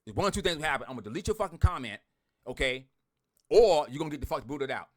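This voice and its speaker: A man ranting bluntly to his online group, swearing a lot, repeating himself and swinging from loud outbursts to muttering. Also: a little high, animated, quick pace. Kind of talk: heated profane rant to followers.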